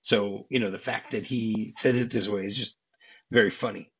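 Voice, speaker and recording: A man's voice: lowish voice, fairly even intonation, normal speed, slightly rough, highs cut off. A man co-hosting a podcast, chatting casually and explaining film scenes and trivia at length. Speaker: podcast co-host.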